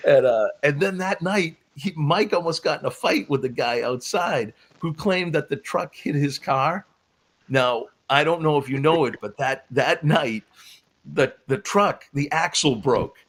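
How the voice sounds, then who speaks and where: A man who is a former wrestling referee, guest on a podcast, telling stories in an animated, laughing way. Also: on the high side, unhurried. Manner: animated storyteller, breaks into laughs. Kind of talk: casual storytelling on a podcast.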